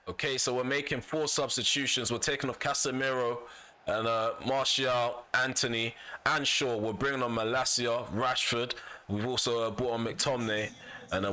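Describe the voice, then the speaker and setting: Annoyance drives this gaming YouTuber's casual commentary on his football video game, as he vents in frustration and says things over and over. He speaks at a medium pitch with a bright, forceful tone.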